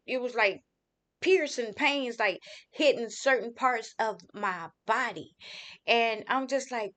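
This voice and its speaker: A woman's voice: fairly high pitch, fairly bright tone. A middle-aged woman giving a heartfelt personal testimony as a grieving mother, talking casually with many "you know" fillers. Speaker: grieving mother telling her story.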